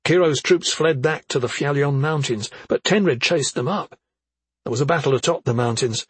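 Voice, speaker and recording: A woman's voice: low voice, normal speed, slightly rough, dry recording, pitched above the performer's own voice. A man reading an audiobook, voicing a worried middle-aged mother who questions her son sharply and skeptically. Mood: grave. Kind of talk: audiobook character voice.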